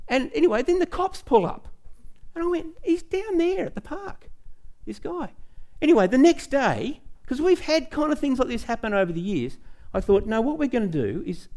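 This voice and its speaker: A middle-aged man, preaching a sermon in a church and telling personal stories with growing excitement. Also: high voice. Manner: storytelling, animated, rising excitement. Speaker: pastor.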